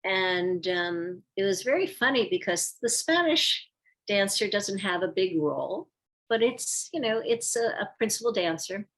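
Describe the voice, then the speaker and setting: An older woman who once danced ballet shares career stories in a casual interview, her medium-pitched voice moving at a measured pace. She's an animated storyteller who performs the lines of the people she quotes.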